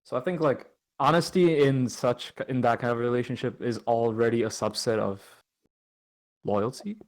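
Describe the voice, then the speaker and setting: A young man in an easygoing podcast chat, his voice sitting at an ordinary middle pitch. He talks over an online call in a loose, jokey way and drops in casual slang. He reads listener questions with little formality. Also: steady tone, normal speed, rough recording. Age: young adult. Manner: laid-back, jokey, slangy.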